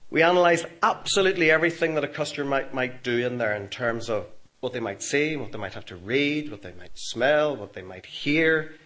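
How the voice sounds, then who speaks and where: A man's voice: mid-range voice, lively intonation, fairly quick, fairly bright tone. Man, 40s, conference speaker, anecdotal and self-mocking. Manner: storytelling, self-deprecating humour. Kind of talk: anecdotal business talk to an audience. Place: hotel function room.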